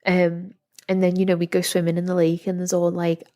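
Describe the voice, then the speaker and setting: A young woman talks through a solo podcast in a low, fairly flat voice. She rambles earnestly, full of fillers and restarts, the tone of a candid personal chat. She records at home in a house set in a forest. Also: brisk. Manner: rambling, heavy use of "like", earnest. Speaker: podcast host. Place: house in a forest, window open.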